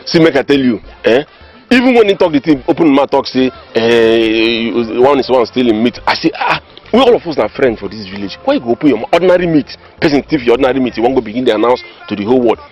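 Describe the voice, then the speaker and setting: A man's voice: mid-range voice, big pitch swings, fast, darkish tone, highs cut off, soft background music, natural voice. An actor playing a gossiping village man who insistently tells his friend the news in Nigerian Pidgin. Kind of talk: comedy film acting.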